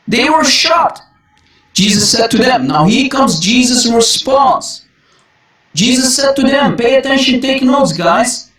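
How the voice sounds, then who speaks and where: A man's voice: very high voice, animated, slow pace, fairly bright tone. A man preaching emphatic Bible commentary, repeating his exclamations and calling his listeners guys. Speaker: Christian preacher.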